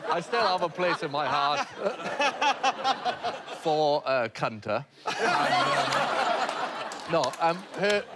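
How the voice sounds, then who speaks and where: Man, self-mocking, hesitant, lively pitch, noisy studio recording. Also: slow pace, long pauses, over a noisy crowd. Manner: hesitant and self-mocking, many fillers and restarts. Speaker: panel show guest. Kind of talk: comic anecdote on a TV panel show.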